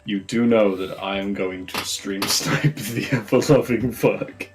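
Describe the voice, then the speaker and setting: A man's voice: fairly low pitch, a little slow, over loud music. A man co-hosting a gaming stream, chatting casually and throwing in dry jokes. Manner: dry joking quips.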